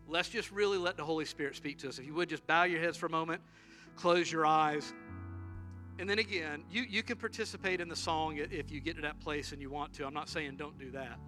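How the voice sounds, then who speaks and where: A middle-aged man preaches with a high, very bright and forceful voice. He tells stories with humor and acts out the quotes, and soft music plays behind him. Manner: animated, humorous storytelling with acted-out quotes. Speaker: pastor. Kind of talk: sermon.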